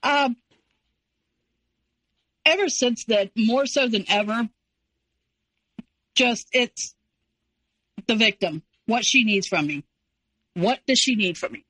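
A woman in her forties, an interview guest telling a personal story in a casual, animated way. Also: fairly high pitch, takes it slowly, long pauses, no room sound, poor audio. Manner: animated, acts out quoted voices.

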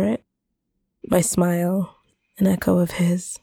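A woman reads a first-person romance story in a slow, intimate, soft-spoken manner. Her voice is low-pitched and mellow, recorded close and dry with no room sound. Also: fairly even intonation, vocal fry, breathy edge, no room sound. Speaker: audiobook narrator.

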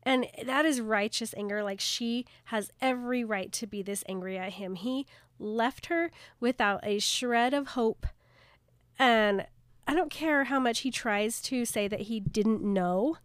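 A woman's voice: a little high, unhurried, no room sound, clean studio sound. A woman in casual chat about a novel, emphatic and opinionated, laughing often. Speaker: podcast co-host recapping a book.

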